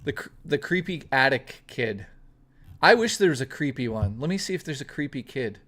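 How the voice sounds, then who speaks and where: Here a young man with a mid-range, slightly bright voice talks at normal speed in an animated way. He's casually reading viewer messages on his livestream and riffing on them, full of profanity. It's loose, offhand stream talk.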